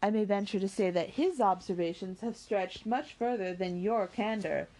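A woman voicing a calm, sensible young woman who speaks softly and reasons carefully. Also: medium pitch, close to an everyday voice. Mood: reasoning. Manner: measured, soft, reasoning.

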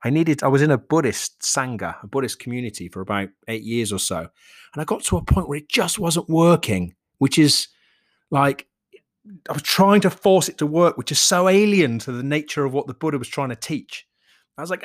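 A man's voice: a little high, animated, moderate pace. A man talking alone on his own podcast, reflective and rambling, swearing casually and often laughing. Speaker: podcast host and coach. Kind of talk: solo podcast monologue.

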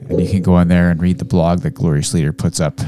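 Deep-voiced laid-back podcast host. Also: male voice, level tone, quick pace, over music. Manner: loose, joking, hands out the sign-off. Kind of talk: casual banter.

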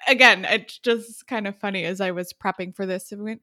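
A woman's voice: medium pitch, brisk, few pauses, pushed and bright. A woman hosting a podcast, asking curious, upbeat questions in a casual interview. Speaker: podcast host.

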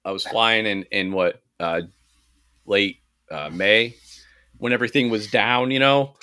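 Casual podcast host, male, bright dry voice, profane ranting delivery. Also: lowish voice, measured pace, smooth, dry recording. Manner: profane, ranting, mocking impressions. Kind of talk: casual chat.

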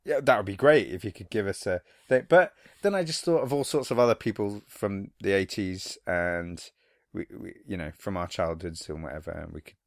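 A man's voice: low voice, normal speed, no room sound, clean studio sound. A man co-hosting a podcast in casual chat, breaking into playful impressions and silly voices. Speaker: podcast co-host.

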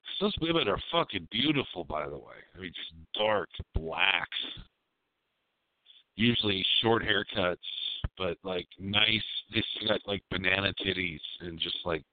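A man hosts a live call-in radio show, rambling in a crude, provocative way. His voice sits a little low. The sound is dry and tinny, like it comes over a phone line. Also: animated, a little slow, dry recording.

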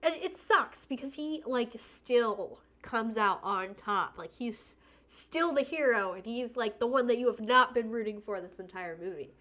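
A woman's voice: on the high side, a little slow, bright, forceful tone. A woman co-hosting a casual chat about a film, talking loosely and conversationally. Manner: loose and conversational, many "like" and "you know" fillers.

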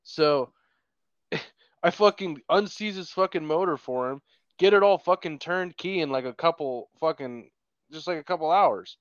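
A man's voice: fairly high pitch, measured pace, dry recording, highs cut off. A man on a podcast telling a long story in a casual, rambling way with lots of swearing. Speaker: podcast co-host.

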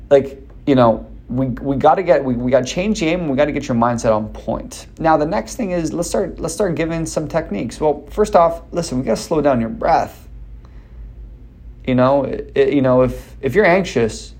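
A man talking casually as a speech coach, energetic and direct, with many fillers and restarts. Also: medium pitch. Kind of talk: casual advice talk.

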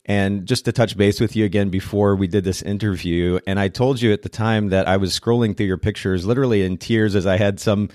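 A man's voice: fairly low pitch, fairly even intonation, fairly quick, few pauses, a little mellow, dry recording, studio quality. A man hosting a podcast interview, talking in an effusive, casual way with frequent restarts. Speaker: podcast host.

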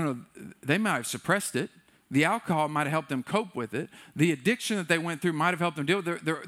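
A man preaching a sermon as a pastor, candid and self-deprecating, shifting between lively bursts and quiet earnest passages. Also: high-pitched.

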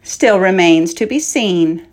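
A woman voicing a calm young male knight with a dry wit in a storybook, speaking firmly and evenly. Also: on the low side, takes it slowly.

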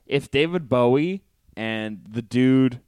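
A man leads a podcast chat with dry jokes and easy agreement. His voice is mid-pitched and animated. The sound is close and dry. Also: takes it slowly, smooth, no echo. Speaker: podcast co-host. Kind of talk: casual chat.

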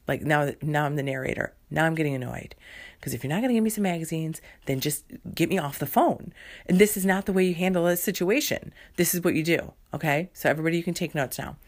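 Low-voiced woman host, sarcastic comic storyteller. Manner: sarcastic, exasperated, acts out both sides of a phone call. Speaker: podcast host. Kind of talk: comedic storytelling monologue.

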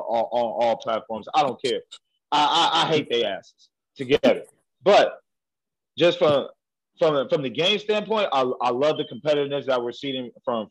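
Animated man ranting on a sports podcast. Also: medium pitch, low-quality recording. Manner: animated, ranting, quick to laugh. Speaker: podcast co-host. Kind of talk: casual sports talk.

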